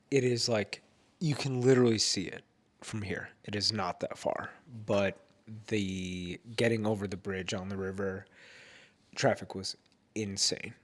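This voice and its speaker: A man vlogging at home late at night, tired and with a stuffed-up nose, recapping his evening in a rambling, casual way. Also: on the low side. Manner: rambling, with fillers and restarts.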